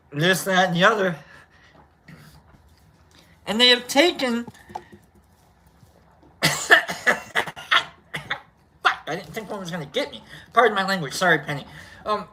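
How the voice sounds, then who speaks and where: A woman's voice: mid-range voice, pushed and bright. A woman hosting a casual solo stream, rambling and playful, often repeating herself. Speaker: host.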